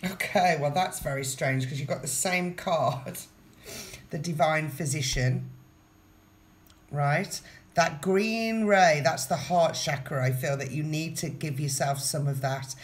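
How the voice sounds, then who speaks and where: Chatty low-voiced woman reading tarot. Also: measured pace. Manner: chatty, repeats phrases, addresses the viewer directly. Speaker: tarot reader. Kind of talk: casual tarot reading to camera.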